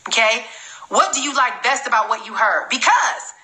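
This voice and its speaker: A woman giving an energetic, emphatic live-streamed sales training talk as a network marketing trainer. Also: fairly high pitch, moderate pace, roomy sound, rough recording. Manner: energetic, emphatic, repeats for stress.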